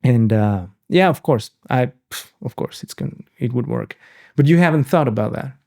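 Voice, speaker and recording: Middle-aged male host; mellow, gravelly, animated and profane. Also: medium pitch, moderate pace. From Mexico. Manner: animated, swearing, laughing storyteller. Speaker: podcast host. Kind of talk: casual podcast conversation.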